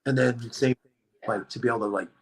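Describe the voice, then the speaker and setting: A man telling a story on a podcast, in a rambling, animated way, leaning hard on "like.". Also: medium pitch, fast, creaky, rough recording. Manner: rambling, animated, heavy use of "like". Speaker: podcast guest. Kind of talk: casual storytelling chat.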